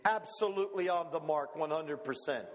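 Middle-aged male pastor, slightly high voice, homey conversational sermon, long hall reverb. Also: moderate pace. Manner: folksy, conversational preaching with rhetorical questions.

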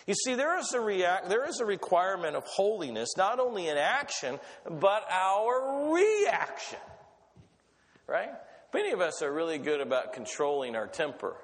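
A man preaching a sermon in an animated, conversational way, often asking his listeners questions. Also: a little high, gravelly, big-room sound. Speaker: pastor.

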